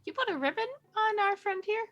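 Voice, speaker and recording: A woman playing a tabletop game who talks in an expressive way. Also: extremely high pitch, brisk, dry recording. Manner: expressive, animated. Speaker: player.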